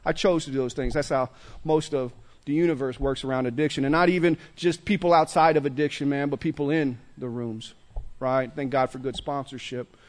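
A man's voice: mid-range voice, steady tone, a little fast. A man sharing his recovery story at a meeting, telling it with street slang and laughter. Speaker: recovery speaker. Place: meeting room with audience.

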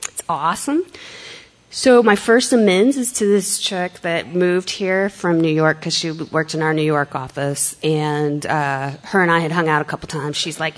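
A woman's voice: sits low, moderate pace. A middle-aged woman telling her recovery story candidly, blunt and self-mocking, swearing freely and acting out dialogue. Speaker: speaker sharing a recovery story.

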